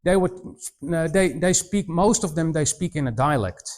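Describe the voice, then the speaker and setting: A man in his forties giving a missionary presentation to students, telling stories in an animated way, mimicking voices and often restarting his sentences. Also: fairly high pitch, normal speed. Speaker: missionary speaker. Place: college presentation room.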